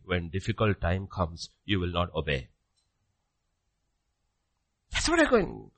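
A man preaching a sermon, jumping from loud exclamations to hushed low asides, acting out questions and answers and checking in with "okay?". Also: huge pitch swings, vocal fry, breathy edge. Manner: acts out dialogue with rapid questions and answers; repeats phrases, frequent "okay?" checks.

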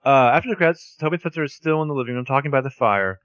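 A man's voice: mid-range voice, lively intonation, very fast, a bit bright, clean tone, no room sound, highs cut off. A man co-hosting a podcast, chatting casually and animatedly as he recaps a TV episode, often restarting his sentences. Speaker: podcast co-host.

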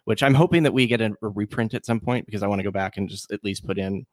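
A male podcast host with a somewhat low voice, chatting casually. He rambles and restarts often, full of fillers. The sound is dry and close, with no room around him. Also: fast, no echo. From Washington State. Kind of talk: casual chat.

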